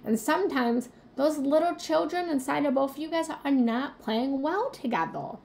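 A woman coaching her live viewers in an earnest, open-hearted way, sharing her own experiences as she goes. Her voice sits a little high, with a gravelly fry at the ends of her phrases. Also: expressive, moderate pace, darkish tone. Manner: earnest, confessional, addresses viewers directly. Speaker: spiritual coach hosting a live stream. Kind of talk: live motivational talk.

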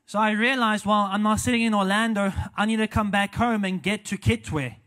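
A young South African evangelist with a fairly high voice preaches in a church. He is animated, paces around the stage as he talks, and punctuates his sentences with hallelujahs and amens. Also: normal speed. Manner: walks around while preaching. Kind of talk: sermon.

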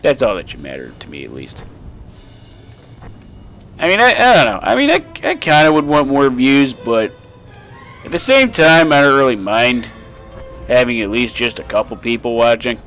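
A young man giving casual, rambling let's play commentary, swearing freely and breaking into sudden shouts. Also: mid-range voice, big pitch swings, moderate pace, long pauses, faint music behind. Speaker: gaming commentator.

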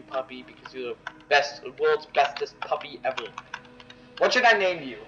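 A young man giving excitable, profane let's-play commentary, yelling at the game. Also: on the high side, normal speed, muffled recording, soft background music. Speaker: gamer.

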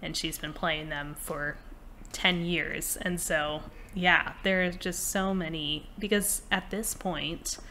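A young woman co-hosting a gaming podcast in casual chat, speaking in a measured, reflective way with soft fillers. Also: on the low side, steady tone, slight background noise. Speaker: podcast co-host.

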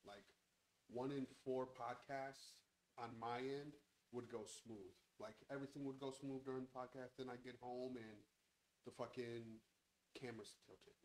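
A man's voice: medium pitch, steady tone, a little slow, low-quality recording. A man hosting a casual podcast chat from a home studio, talking in a laid-back way with lots of swearing into a handheld mic. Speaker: podcast host.

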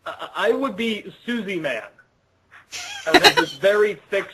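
A man's voice: high voice, expressive, measured pace, heavy background noise. A young man answering interview questions over a video call, rambling and self-deprecating with lots of fillers and restarts. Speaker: interview guest. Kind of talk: casual interview chat.

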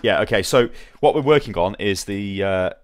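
A man's voice: lowish voice, expressive, moderate pace. A young man chatting casually with his live-stream viewers as he assembles a model, rambling and greeting them by name.

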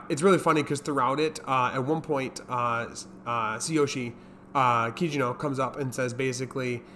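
A man's voice: medium pitch, a bit bright, slight background noise. A man casually recapping a TV episode, rambling with lots of fillers and acting out characters' lines. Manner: rambling, many fillers, mimics characters in quotes. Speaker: show reviewer.

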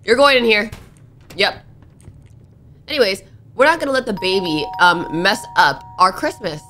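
A young woman narrating a horror game as she plays, excitable and talking to the characters on screen. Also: mid-range voice, normal speed, long pauses, soft background music. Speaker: gaming YouTuber. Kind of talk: let's play commentary.

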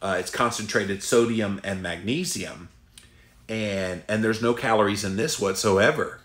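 Speaking in a Southern US drawl, a middle-aged podcaster fields questions from listeners in a frank, homespun manner, often stopping on "uh" or "um" as he works through his thoughts. His voice is a little low, bright and pushed forward, and it bounces around the live room.

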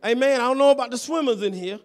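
A man's voice: very high voice, quick pace. A man preaching a sermon as pastor in a church, constantly checking in with the congregation and repeating his phrases.

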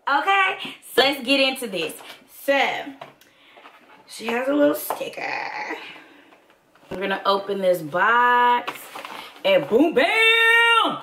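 Animated woman vlogger with a lilt. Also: fairly high pitch, slow, long pauses, slight background noise. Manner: animated, excitable, addresses viewers as y'all. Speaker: beauty vlogger. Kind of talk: casual unboxing chat. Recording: echoey room.

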